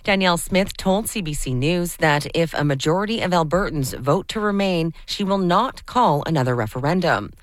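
A woman reading the news on radio in a measured, crisp newscast delivery. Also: fairly low pitch, animated, no room sound. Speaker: newsreader.

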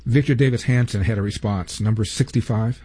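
Male commentary host, mellow and a little breathy, deliberate and emphatic. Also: on the low side. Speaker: talk show host. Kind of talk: commentary introducing clips.

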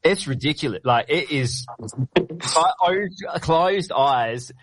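A man hosting an interview who asks halting questions and restarts them. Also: fairly high pitch, animated, low-quality recording. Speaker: interview host. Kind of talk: casual interview chat.

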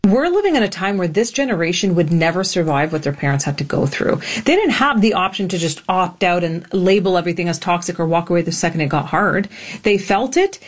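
Firm woman lecturing in a monologue. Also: mid-range voice. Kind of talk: online rant monologue.

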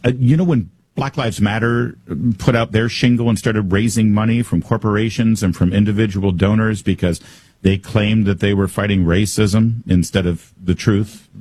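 A man's voice: on the low side, a little mellow, slightly rough, no room sound. A man hosting a talk radio show, giving emphatic, sarcastic commentary straight to his listeners. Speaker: radio host.

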